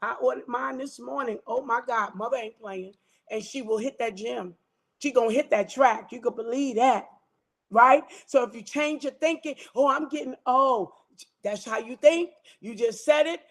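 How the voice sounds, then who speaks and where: A woman's voice: a little high, normal speed. A woman pastor, preaching and praying in rhythmic, repeated declarations. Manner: exhorting, repetitive, rhythmic declarations. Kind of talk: preaching talk and prayer.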